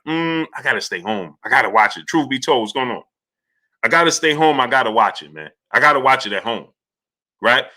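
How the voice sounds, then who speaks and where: A man hosting a casual boxing livestream, greeting viewers by name and talking through the fight with many fillers. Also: on the high side. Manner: shouts out chat names, lots of fillers.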